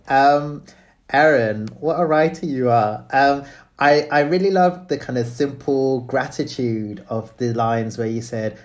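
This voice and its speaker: A man hosting a writing showcase, giving gentle, hesitant feedback with many pauses and restarts. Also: mid-range voice, steady tone. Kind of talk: live event hosting and spoken feedback.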